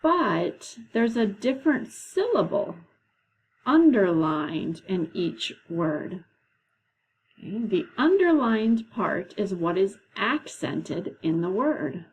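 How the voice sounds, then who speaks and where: Woman teacher talking thru a worksheet, slow and patient, says okay a lot, kinda husky. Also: mid-range voice, sing-song, rough recording. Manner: slow, patient, drawn-out explanations; frequent "okay" as a filler. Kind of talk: guided classroom lesson.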